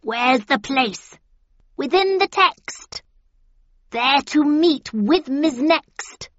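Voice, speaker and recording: Casting: a woman doing a chanting old witch hag, higher and slow, dull dry sound. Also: lively intonation, exaggerated voice. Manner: chanting archaic prophecies. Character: three ugly old female witch crones, pushy, cackling.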